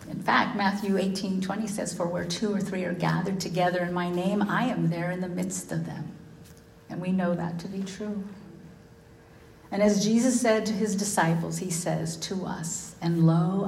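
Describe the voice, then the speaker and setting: A woman preaches a sermon in a lowish voice, slowing down to stress each quoted line. Her voice rings in a roomy, echoing space. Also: steady tone, creaky, darkish tone, slight background noise. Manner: slow, deliberate emphasis with many quotations. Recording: echoey room.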